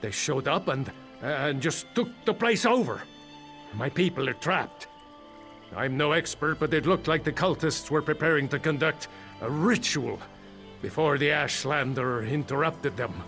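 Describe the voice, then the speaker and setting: A man's voice: a little high, animated, measured pace, fairly bright tone, faint music behind. Nervous, wry mine foreman. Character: anxious male mine foreman, dry humor. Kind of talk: video game voice acting.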